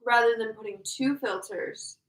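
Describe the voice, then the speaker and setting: Giggly high-voiced woman, slow and roomy. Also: distant mic, noisy background. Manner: giggly storyteller, laughs through her words. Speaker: podcast co-host. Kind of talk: casual chat. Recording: echoey room, a bit off-mic.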